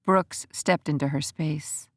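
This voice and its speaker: A woman narrating a romance audiobook in an even, measured storytelling manner. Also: sits low, dry recording, clean studio sound.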